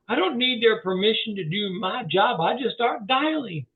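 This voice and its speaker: High-voiced man coaching over a tinny call. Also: moderate pace, hardly any pauses. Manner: folksy, animated, acts out both sides of calls. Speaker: sales trainer. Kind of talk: coaching with role-play demonstration. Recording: tinny phone-like video call audio.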